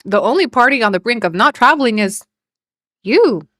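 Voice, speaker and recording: A woman's voice: on the high side, expressive, moderate pace, fairly bright tone, no echo. A woman from Mexico, a live commentary streamer, mocking another creator with profanity and frequent laughter.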